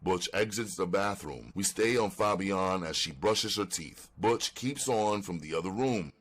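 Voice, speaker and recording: A man narrating the stage directions of a screenplay in a slow, measured, flat delivery. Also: low-pitched.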